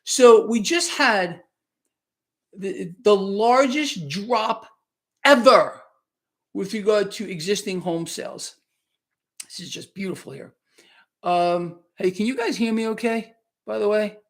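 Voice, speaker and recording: On a new microphone, a man hosts a live market wrap-up stream and takes viewers' questions. His high, fairly bright voice is unhurried, and his manner is emphatic, sarcastic and conversational.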